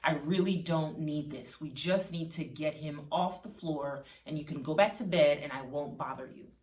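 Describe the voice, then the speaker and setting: A woman's voice: low-pitched, normal speed, darkish tone, a little hiss or hum, natural voice. A woman voicing a worried, weary mother who asks anxious, pleading questions, recorded in a roomy space from a distance. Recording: roomy sound from a distant mic.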